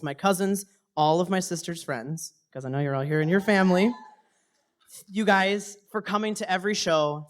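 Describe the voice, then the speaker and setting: Young male stage performer, emotional thank-you to family in the audience, earnest, sometimes hushed. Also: high-pitched, smooth. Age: young adult. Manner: heartfelt, voice dropping to a whisper at times, laughing between phrases.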